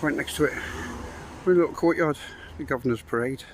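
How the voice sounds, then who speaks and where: Strolling outdoors through town streets and a park, a middle-aged travel vlogger leads a casual walking tour. His voice sits on the high side and moves fast, he chats with viewers in wry asides, and there's slight background noise.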